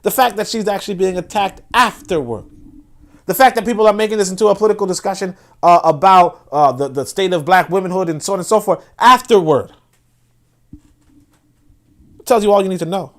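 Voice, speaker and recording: Brooklyn man hosting a livestream, high-pitched, emphatic, repeats phrases for weight. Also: fairly quick, a bit bright. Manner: emphatic, repeats words when building a point; reads viewer comments aloud. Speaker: livestream host. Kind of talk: casual livestream commentary.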